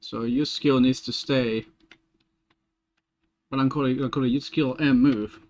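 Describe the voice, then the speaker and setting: A man streaming game development, thinking aloud in a casual, halting way as he works through code. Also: mid-range voice, fairly even intonation, darkish tone. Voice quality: muttering to himself, halting restarts.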